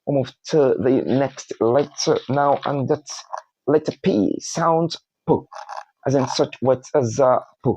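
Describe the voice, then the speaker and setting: A man teaches phonics at a slow, deliberate pace, sounding out each letter before saying the whole word and then repeating it. His voice sits at an ordinary pitch and is recorded dry, with no room echo. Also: warm tone. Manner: slow, spells out letters one by one, repeats words. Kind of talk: spoken phonics lesson.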